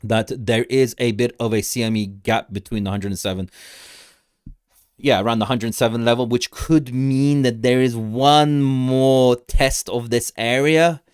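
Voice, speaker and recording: A man's voice: medium pitch, steady tone, a little slow, a little mellow, clear, resonant tone, dry recording, studio quality. A young man hosting a casual crypto livestream, rambling through charts, greeting viewers in the chat and laughing often.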